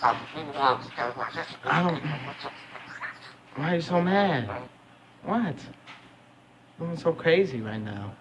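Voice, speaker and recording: A woman's voice: low voice, animated, extremely slow, pauses often, crowd noise. A woman talking casually to her pet bird at home at night, scolding it and cooing at it by turns, with frequent laughs. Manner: scolding yet affectionate, laughing often. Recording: noisy home video recording.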